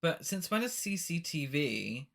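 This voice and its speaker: The man's voice is on the high side and fairly bright, with big pitch swings, a slightly slow pace, and vocal fry. As a podcast co-host, he's doing a casual review of a bad film, ranting in a sweary, exasperated, jokey way with laughs.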